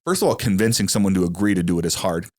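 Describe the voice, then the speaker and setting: With a low voice that races along, a young adult podcast host tells stories in casual conversation. He animates each tale by performing the voices of whoever he's quoting.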